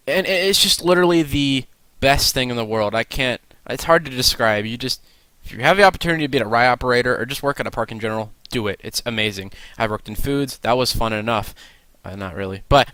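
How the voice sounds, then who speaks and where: Young guy vlogging w a little lisp, puffy stiff mouth, smooth clear voice, super dry sound. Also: mid-range voice, dry recording. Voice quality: slight lisp. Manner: rambling, excitable. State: stiff swollen mouth after dental surgery. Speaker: vlogger and ride operator. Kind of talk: casual vlog chat.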